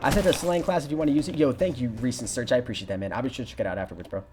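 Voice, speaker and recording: Fast-talking young man streaming a game. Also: medium pitch, noisy background. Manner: fast, excitable, reads chat aloud and greets viewers. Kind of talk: live gameplay commentary. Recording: music playing behind.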